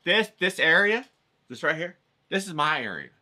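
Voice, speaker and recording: A man's voice: fairly high pitch, very animated, normal speed, sharp tone, pitched above the performer's own voice, full character voice. A man voicing a pushy, territorial woman street vendor who insists and repeats herself. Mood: insistent. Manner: insistent, repetitive, nosy.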